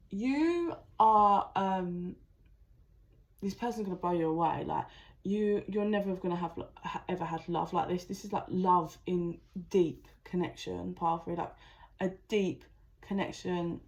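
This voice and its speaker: A woman's voice: lowish voice, measured pace. Chatty tarot-reading woman. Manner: chatty, animated, full of "like" and restarts. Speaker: tarot reader. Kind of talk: channeled tarot reading to camera.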